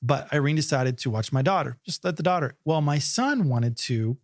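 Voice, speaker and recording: A man's voice: mid-range voice, moderate pace, dry recording, studio quality. A man in his forties co-hosting a podcast, telling a story in casual chat and acting out the voices. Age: 40s. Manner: animated storyteller, acts out voices and laughs. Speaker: podcast co-host.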